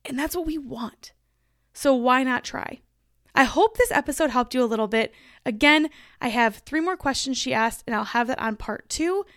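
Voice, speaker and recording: A woman's voice: high-pitched, lively intonation, moderate pace, a bit bright, no room sound, studio quality. A woman hosting her own podcast in a chatty, emphatic solo monologue, laughing easily as she talks. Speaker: podcast host.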